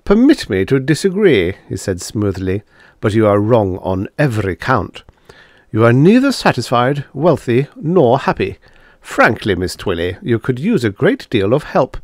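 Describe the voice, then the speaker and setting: A man voicing a suave, smooth-talking male devil-like alien who speaks patiently and coldly, in a storybook reading. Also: mid-range voice, very animated, a little slow, no room sound, studio quality.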